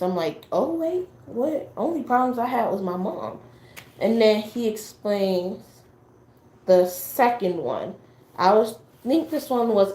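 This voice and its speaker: In an echoey room, a young adult woman with a medium-pitched, slightly mellow voice shares a personal story as a guest in casual conversation. She rambles, uses many fillers, and acts out what her family said.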